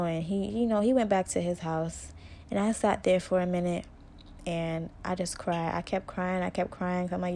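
A woman's voice: fairly low pitch, fairly even intonation, normal speed, mellow. A young woman hosting her own podcast, telling a personal story in a candid, conversational way and speaking straight to her listeners. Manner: candid and conversational, full of "like" and "y'all". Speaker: podcast host.

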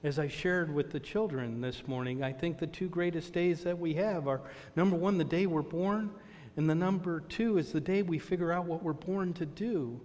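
A man's voice: fairly high pitch, normal speed, a little mellow, long reverb tail. A middle-aged male pastor preaching a sermon, telling personal stories in an earnest way with call-and-response asides. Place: church sanctuary.

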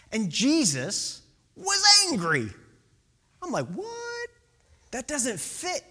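Lively, animated preacher. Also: mid-range voice. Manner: animated, rhetorical questions, drops to whispers for emphasis. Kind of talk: conversational sermon.

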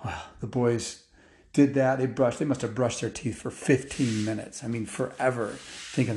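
A man's voice: mid-range voice, fairly even intonation, normal speed, darkish tone, slight background noise. A man telling an improvised bedtime story, rambling with asides and fillers.

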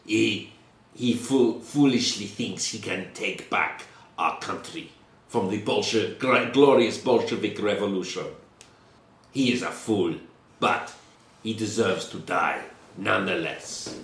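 A man's voice: on the low side, slow, a bit bright, roomy sound, far from the mic. A man voicing a defiant male anarchist prisoner with a put-on Russian accent and broken English. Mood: scornful. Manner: broken English, mocking, proud.

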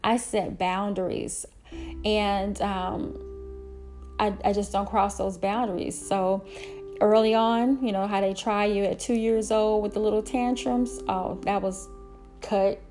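A woman's voice: medium pitch, steady tone, unhurried, a little mellow, soft background music. A middle-aged single mother speaking candidly and emphatically about her parenting rules, in casual talk. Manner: candid, emphatic, acts out quotes in a raised voice.

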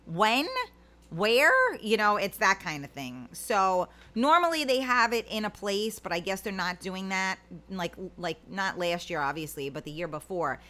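A woman's voice: medium pitch, lively intonation, normal speed, hardly any pauses, bright, forceful tone. A middle-aged woman, chatting casually as a livestream host and reading out viewer comments, rambling with many fillers.

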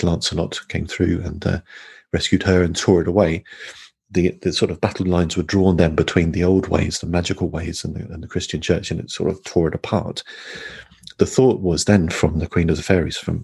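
A man's voice: deep voice, gravelly, a little mellow, breathy edge. A man talking through a spiritual topic in casual conversation, hesitant, with many fillers and restarts. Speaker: podcast guest.

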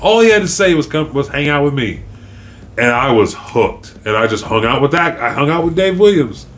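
A man co-hosting a podcast in relaxed, jokey casual chat, telling stories. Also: normal speed. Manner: laid-back, jokey, acts out quotes in high voices. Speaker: podcast co-host. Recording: faint background noise.

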